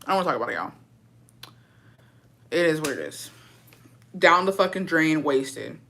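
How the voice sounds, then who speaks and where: A woman's voice: deep voice, sing-song, normal speed, a bit bright, slight background noise. A young woman livestreaming, chatting casually and answering viewer comments in a blunt, profane and dramatic way.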